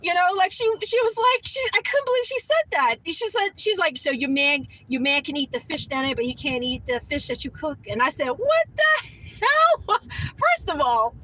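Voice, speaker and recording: A middle-aged woman telling a story in a casual, animated way, laughing often, her voice shooting up high when she is outraged. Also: fairly quick, few pauses, poor audio.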